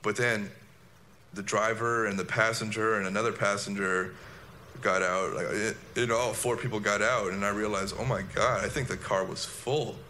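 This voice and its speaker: A man, a former soldier recounting an incident in a halting, reflective personal monologue. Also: fairly low pitch, steady tone, pushed and bright, a little hiss or hum.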